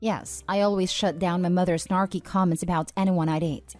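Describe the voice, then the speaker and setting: A woman narrating online posts aloud at an even, steady reading pace. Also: lowish voice, a little fast, faint music behind.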